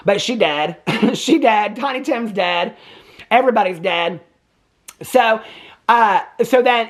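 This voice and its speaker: Sassy Southern woman reviewing a movie. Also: medium pitch. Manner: sassy, chatty, keeps saying "okay?" and "baby"; laughs often. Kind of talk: casual movie review rant.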